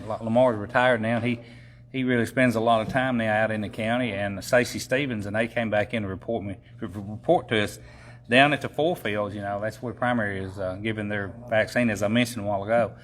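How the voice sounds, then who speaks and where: A man's voice: lowish voice, steady tone, brisk, slight background noise. A man, a county executive giving a casual public update, folksy and rambling with lots of fillers.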